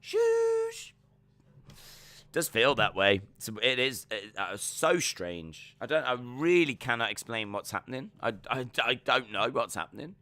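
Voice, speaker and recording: A man hosting a live reaction stream, talking in a loose, rambling way. His voice is very bright and forceful, with a sharp, ringing edge. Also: mid-range voice, normal speed, hardly any pauses, no echo. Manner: rambling, animated, acts out scenes. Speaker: host.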